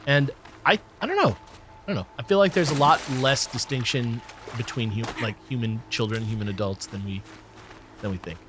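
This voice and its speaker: A man's voice: normal speed, music in the background. A man hosting a let's play, chatting casually over gameplay and rambling with lots of fillers. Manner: rambling, many fillers, lively pitch swings.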